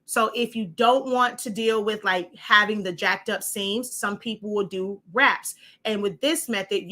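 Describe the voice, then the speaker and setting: A woman's voice: medium pitch, sharp tone. A woman hosting a casual crafting walkthrough, chatty and rambling as she shows her printed projects. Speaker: crafting show host.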